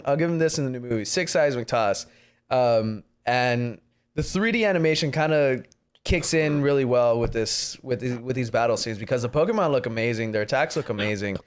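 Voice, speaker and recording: A podcast co-host casually retells a movie in a rambling way, laughing often and swearing freely. His voice is medium-pitched with a clean tone.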